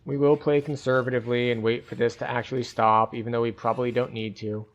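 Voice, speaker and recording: A man streaming a video game, giving relaxed, casual commentary and thinking aloud as he plays. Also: mid-range voice, fast, highs cut off.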